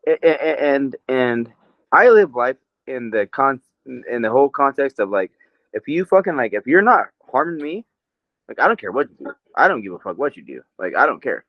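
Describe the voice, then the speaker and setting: Profane rambling man, lively pitch. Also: normal speed, dry recording. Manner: profane, rambling, laughs a lot. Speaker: podcast co-host. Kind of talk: casual podcast chat. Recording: dry, dull lo-fi sound.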